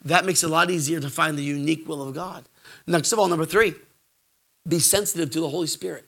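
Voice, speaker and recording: Male preacher, middle-aged, bright high voice, lively delivery swinging from shouts to hushes. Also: fast, vocal fry. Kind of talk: sermon.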